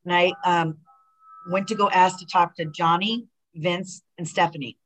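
A middle-aged woman, a retired wrestler, chatting as a guest in an interview and telling animated stories with lots of fillers and acted-out quotes. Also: lowish voice, a little slow. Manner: animated storyteller who acts out quoted dialogue, many fillers and restarts. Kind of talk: casual interview chat.

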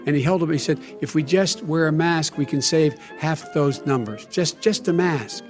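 An older man in a televised debate, talking forcefully, repeating phrases and cutting in. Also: a little high, moderate pace, soft background music. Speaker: debate candidate. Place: large debate hall.

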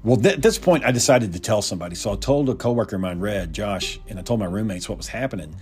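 A man's voice: on the low side, lively intonation, quick pace, a little mellow, soft background music. A man casually telling a personal story in a loose, profane way, often repeating words.

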